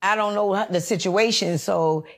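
A woman talks in casual chat at a middle pitch. She rambles and restarts as she gives her opinion. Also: moderate pace.

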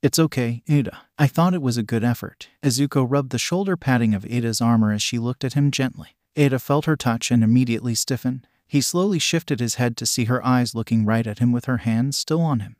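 Guy reading fan fiction aloud, steady and even, dry close sound. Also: mid-range voice, fairly quick, few pauses, no room sound. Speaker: narrator.

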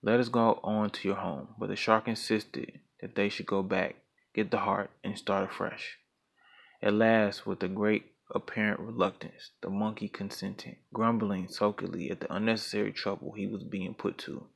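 A man reading a folktale aloud as a storyteller, in a measured, steady narration. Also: on the low side, vocal fry, breathy edge.

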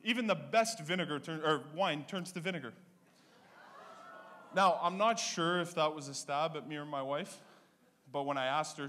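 A man, doing a stand-up comedy set with punchy, animated storytelling. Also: on the high side, moderate pace, slight background noise. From Canada (Ontario).

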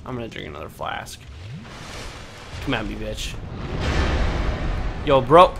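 A young man giving let's play commentary, excitable and panicky, swearing and trash-talking the enemies as he plays. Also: on the low side, a little slow, creaky, over loud music. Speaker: gaming commentator.

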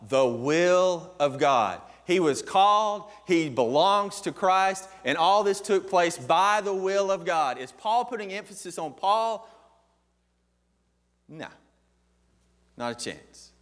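A man's voice: high voice, expressive, slow, a bit bright. A man preaching a sermon as pastor, emphatic and posing questions to the congregation.

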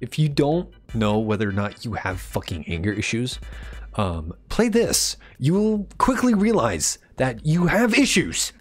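A man playing a game on his channel, swearing and pleading with the game in frustration, swinging from mumbles to yells. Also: mid-range voice, big pitch swings, a little slow, soft background music. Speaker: gaming YouTuber. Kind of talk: let's play commentary.

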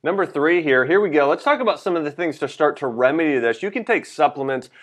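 A man's voice: a little high, lively intonation, fast talker. Man plainly explaining health tips. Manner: explanatory, gives practical step-by-step tips. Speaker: host of a health show. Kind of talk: casual health chat on a livestream.

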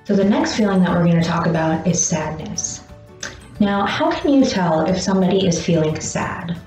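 A woman teaching young children about feelings, speaking slowly and encouragingly and pausing for their answers. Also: lowish voice, expressive, a little mellow. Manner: slow, encouraging, pauses for answers. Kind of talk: gentle lesson for young children. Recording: dull roomy sound with faint music.

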